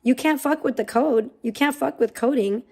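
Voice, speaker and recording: A woman's voice: sits high, normal speed, gravelly, darkish tone, husky. A woman hosting a livestream, delivering a profane, mocking rant of commentary. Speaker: livestream host.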